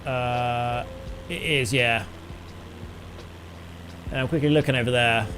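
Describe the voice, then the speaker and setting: A man's voice: medium pitch, fairly even intonation, slow pace, fairly bright tone, a little hiss or hum. A young British man chatting casually with his live chat while flying a simulator, rambling and laughing often. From Britain. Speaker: flight sim streamer.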